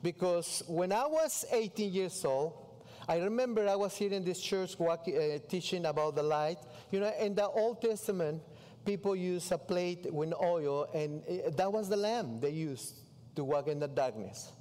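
A man's voice: high-pitched, normal speed, mellow, long reverb tail. A pastor from Mexico with a Mexican Spanish accent, telling his story in a sermon in broken English and acting out his own dialogue. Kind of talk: sermon testimony. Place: church.

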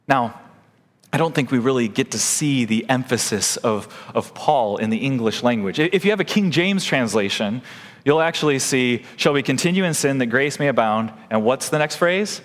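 A man preaching a sermon, animated and emphatic, his pitch swinging widely as he stresses points. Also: moderate pace, big-room sound. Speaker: pastor.

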